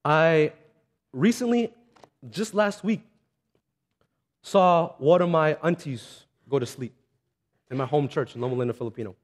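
A man's voice: a little high, a little slow, long pauses. A man preaching a sermon in a conversational, earnest way, telling stories and acting out the voices of the people in them. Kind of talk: sermon with storytelling.

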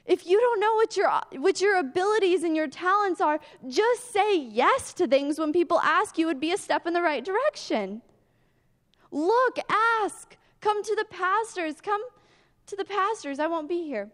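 A woman preaching a sermon, earnest, her voice climbing into pleading prayers and sinking soft and low. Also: lively intonation, moderate pace, in a large hall.

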